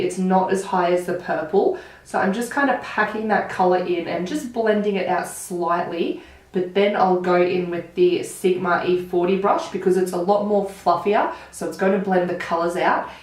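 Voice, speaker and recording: A woman in her twenties with an Australian accent, chatting and telling stories while doing her makeup, with lots of "like". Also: medium pitch. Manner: chatty, animated storytelling with frequent "like". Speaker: beauty vlogger. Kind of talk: chatty get-ready-with-me storytelling. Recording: roomy, distant mic.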